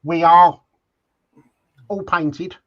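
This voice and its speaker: A man's voice: fairly high pitch, fairly even intonation, very slow. A man co-hosting a live stream, chatting casually with dry, understated one-liners. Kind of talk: casual chat. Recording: dull lo-fi sound.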